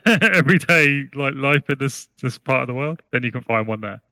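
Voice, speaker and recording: A man's voice: medium pitch, fairly even intonation, pushed and bright, no room sound, low-quality recording. A man narrating as game master in a tabletop game, casual and joking. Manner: casual, joking, quick asides.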